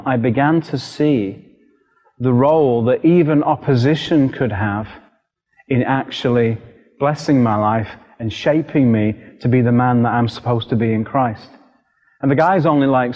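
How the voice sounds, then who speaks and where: Animated British man preaching in a hall. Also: mid-range voice. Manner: lively storyteller acting out quoted voices. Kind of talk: sermon storytelling. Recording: dull recording with long hall reverb.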